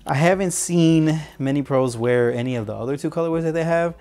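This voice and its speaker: A man's voice: fairly high pitch, a little fast, a little mellow, faint music behind. A man casually reviewing and unboxing football boots, rambling with many fillers and restarts. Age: adult. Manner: rambling, self-correcting, hesitant fillers.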